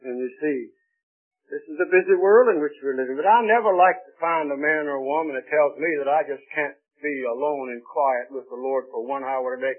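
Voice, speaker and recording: A man preaching a folksy, emphatic sermon with an American accent, swinging between loud and quiet. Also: on the high side, brisk. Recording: tinny old radio broadcast.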